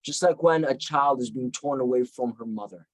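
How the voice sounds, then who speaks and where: A man's voice: mid-range voice, normal speed, no echo, low-quality recording. A man teaching a Bible study, retelling the story reflectively with frequent restarts.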